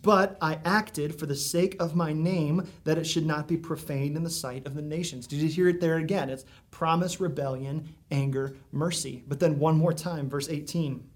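A man preaching a sermon in an earnest, conversational way, with dramatic pauses and emphasis. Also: a little high, fairly even intonation. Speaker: pastor. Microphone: recorded for viewers at home.

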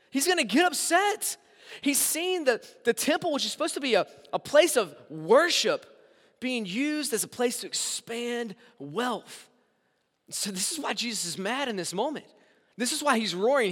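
A man in his thirties preaching a sermon as pastor, animated, swinging between hushed asides and loud emphasis. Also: fairly high pitch. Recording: long reverb of a large hall.

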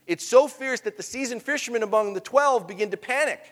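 High-voiced preacher in a reverberant hall. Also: male voice, a little fast. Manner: animated storytelling, swings between hushed and emphatic. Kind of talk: sermon.

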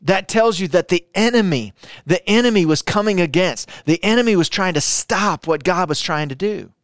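A man's voice: sits high, expressive, normal speed, a bit bright, dry recording, studio quality. A man preaching a sermon, emphatic and repetitive, firing rhetorical questions and asking listeners to repeat lines after him. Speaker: pastor.

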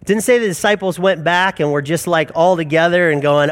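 A man's voice: high-pitched, moderate pace, a bit bright. A man in his forties preaching a sermon in an earnest, emphatic storytelling manner. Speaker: pastor.

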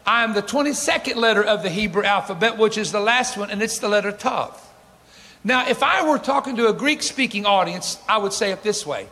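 A man preaching a lively sermon to a congregation, laughing between points and slowing right down to read scripture. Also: sits high. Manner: animated, laughing asides, dramatic slow reading of scripture. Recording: long hall reverb.

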